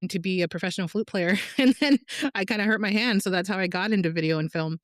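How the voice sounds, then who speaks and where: Lively woman filmmaker chatting in an interview, dry close mic, middle pitch. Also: fast, no echo. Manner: animated storyteller, acts out quotes with big pitch jumps. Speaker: documentary filmmaker guest. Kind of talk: casual interview conversation.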